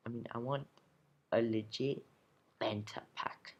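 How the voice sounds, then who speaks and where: A man's voice: mid-range voice, steady tone, a little slow, muffled recording. A teenage boy commenting casually on his game, grumbling and swearing, sometimes dropping to a whisper, recorded at home. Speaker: gamer opening card packs.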